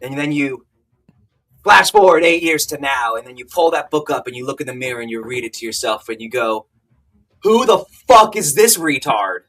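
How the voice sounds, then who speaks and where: A man's voice: medium pitch, brisk, fairly bright tone, a little hiss or hum. A man co-hosting a casual podcast, teasing and joking crudely. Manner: crude teasing banter, mocking put-on voices. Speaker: co-host, author.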